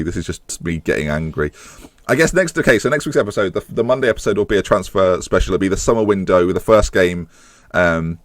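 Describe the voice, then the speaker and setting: A young man commentating on his own game, animated and swearing as he pleads with the screen. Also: deep voice, no echo. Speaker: gaming YouTuber. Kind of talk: gameplay commentary.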